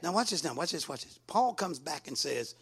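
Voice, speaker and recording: A man preaching a sermon, calling out to the congregation and rising from quiet talk to sing-song shouting. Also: on the high side, very animated, fairly quick, slightly rough. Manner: call-and-response with congregation.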